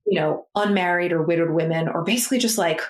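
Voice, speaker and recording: A woman's voice: fairly low pitch, fast talker, roomy sound. A woman chatting casually about books as a podcast co-host, rambling with many fillers and restarts. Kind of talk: casual book chat.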